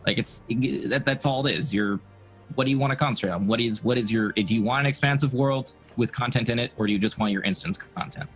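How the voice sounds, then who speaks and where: A man's voice: mid-range voice, fast, fairly bright tone, soft background music, poor audio. A man co-hosting a casual gaming podcast, rambling and repeating words as he argues a point. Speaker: podcast co-host.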